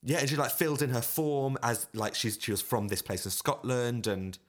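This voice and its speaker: A man's voice: mid-range voice, moderate pace. A man, an audition pianist, telling a funny story in casual chat, laughing often. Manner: animated anecdote telling with frequent laughter.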